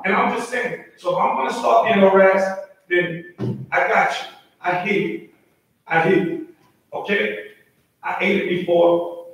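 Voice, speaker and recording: A man giving a heated, defiant public comment at a city council meeting, talking in halting bursts. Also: sits high, a bit bright. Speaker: resident speaking at public comment. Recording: echoey chamber, mic from a distance.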